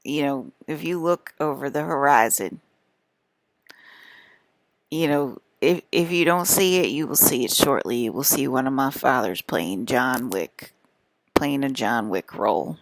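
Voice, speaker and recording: With a bass voice and a slightly slow delivery, a young woman talks to her camera in a vlog with no echo. It's a casual, meandering monologue that repeats itself and is packed with fillers and restarts.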